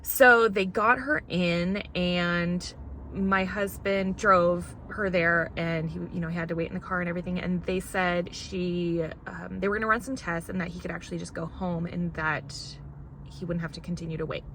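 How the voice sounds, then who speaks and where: A woman's voice: fairly low pitch, fairly even intonation, moderate pace, a bit bright, a little hiss or hum. A woman vlogger in casual chat, rambling and candid while fighting back tears.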